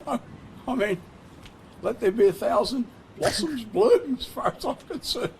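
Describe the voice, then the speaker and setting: A man's voice: extremely high pitch, animated, moderate pace, vocal fry, slight background noise. A man giving a blunt, folksy, dismissive answer in an interview clip. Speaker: politician in an archival clip.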